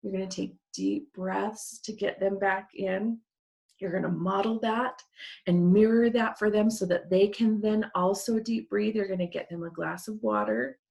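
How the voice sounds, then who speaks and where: Middle-aged woman, parent educator, warm-hearted chatty webinar delivery, a touch of fry. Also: medium pitch. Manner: earnest, conversational, gestures with a hand model. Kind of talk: webinar teaching.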